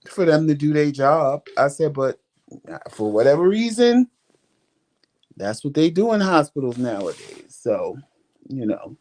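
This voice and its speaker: A man's voice: fairly high pitch, very animated, unhurried, darkish tone. A man, vlogging and casually telling viewers a long story, acting out the conversations he had. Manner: retells conversations with many quoted lines.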